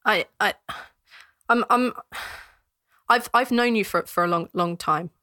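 A woman's voice: mid-range voice, measured pace, sharp tone, no room sound, clean studio sound. A woman voicing a kindly male prison guard who stammers and trips over nearly every word. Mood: anxious.

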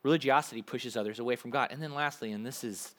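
A man preaching a sermon in a conversational, animated way, acting out little asides to the congregation. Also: mid-range voice, fast talker. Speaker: pastor.

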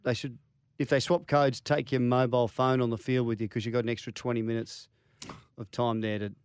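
A man's voice: mid-range voice, flat delivery, clean tone, no echo, studio quality. Chatty Australian male radio co-host. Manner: chatty, quick to laugh, trailing restarts. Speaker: co-host of a sports radio show. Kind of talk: casual radio banter. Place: radio studio. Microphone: studio microphone.

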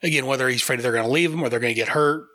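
A man's voice: mid-range voice, very fast, pushed and bright, no room sound, clean studio sound. A man hosting a casual comic review chat, enthusiastic and rambling, with frequent fillers. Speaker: podcast host reviewing comics.

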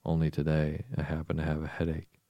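A man with a very deep voice, reading the lines of a fretful, boastful twin brother in a bedtime storybook. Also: monotone, brisk, no echo, muffled recording. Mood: fussy. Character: fussy boastful chubby boy twin.

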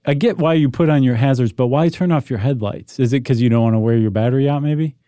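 Male podcast co-host, warm mellow tone, wry and deadpan, dry studio sound. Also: medium pitch, fast, no room sound. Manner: wry, teasing, deadpan asides. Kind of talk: casual podcast chat.

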